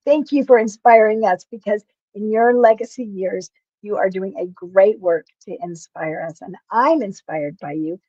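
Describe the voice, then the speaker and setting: A woman's voice: mid-range voice, moderate pace, warm tone, no echo. A woman hosts a podcast interview and speaks in an earnest way as she praises her guest. She comes through a video call with dull, lo-fi sound and a dry, close feel. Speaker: podcast host. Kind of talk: interview hosting.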